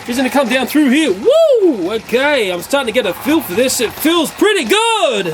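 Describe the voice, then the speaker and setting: A man casually reviewing a toy train set in a playful way, often breaking into excited shrieks. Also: very high voice, fairly quick, noisy background.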